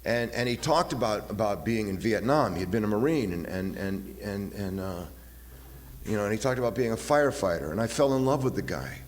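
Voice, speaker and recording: A man in his fifties giving a halting, personal talk at a recovery meeting, often repeating his words and acting out voices as he retells. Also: on the low side, animated. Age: 50s. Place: meeting hall. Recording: long hall reverb, faint hiss.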